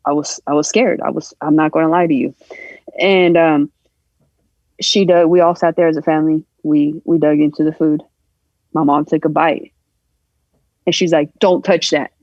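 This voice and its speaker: A woman guest on a podcast, candidly telling a personal story in a halting, emotional way, acting out the voices she quotes. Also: deep voice, fairly even intonation, darkish tone, no room sound. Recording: dull lo-fi sound.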